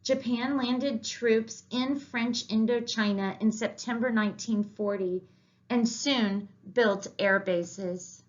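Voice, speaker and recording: A woman narrates a history lesson in a calm, unhurried lecture style. Her voice sits a little on the high side, and she lingers over her words. The recording sounds muffled and lo-fi. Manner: slow and deliberate, with quoted asides. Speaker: history teacher. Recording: dull lo-fi recording.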